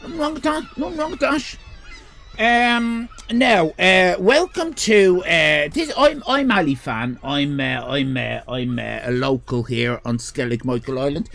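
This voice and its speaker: An Irish man in his fifties hosting a comic livestream, rambling crudely with sudden shouted bursts. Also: a little high, lively intonation, a little slow, creaky. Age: 50s. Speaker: comedy livestream host. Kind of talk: improvised comic monologue.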